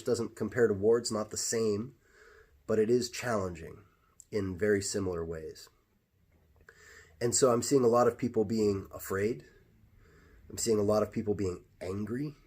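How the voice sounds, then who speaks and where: A man's voice: on the low side, dark tone, husky. An American man, a jiu-jitsu instructor, talking through life advice in a reflective, conversational way with frequent restarts. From United States. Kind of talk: casual advice talk.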